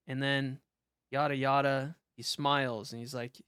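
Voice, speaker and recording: A man's voice: mid-range voice, level tone, normal speed, fairly bright tone, clear, resonant tone, dry recording, clean studio sound. A young man streaming a game live, chatting casually with lots of fillers and restarts.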